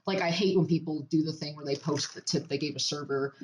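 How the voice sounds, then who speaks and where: Woman podcast co-host, low voice, casual chat, laughs a lot, swears. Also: fast talker, slight background noise.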